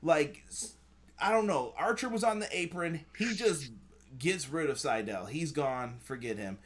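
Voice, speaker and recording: A man with a somewhat high voice hosts a loose, casual review chat. He talks in an animated way, swears freely and acts out what others said. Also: measured pace. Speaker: show host reading chat.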